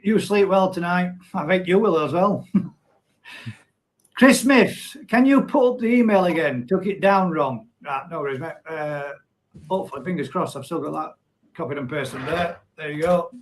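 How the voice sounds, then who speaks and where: A man's voice: fairly high pitch, animated, moderate pace, poor audio. A middle-aged man hosting a casual live stream from home, reading viewer comments aloud and laughing often.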